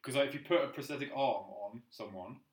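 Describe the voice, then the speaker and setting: A young man co-hosting a podcast, chatting casually, arguing his points with animated swearing. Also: mid-range voice, brisk, reverberant. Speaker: podcast co-host. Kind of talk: casual chat.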